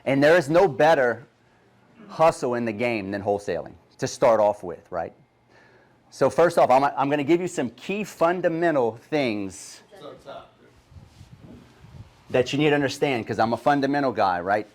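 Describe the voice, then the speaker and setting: A man with a deep Southern accent giving a brash, profane seminar talk, throwing rhetorical questions at a live audience. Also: lively intonation, normal speed, pauses often. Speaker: guest speaker. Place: conference room with live audience.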